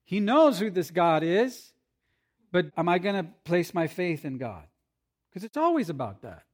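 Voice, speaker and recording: A man's voice: high-pitched, big pitch swings, normal speed, darkish tone. A man preaching as a pastor, speaking conversationally with playful asides and acted-out quotes. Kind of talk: sermon.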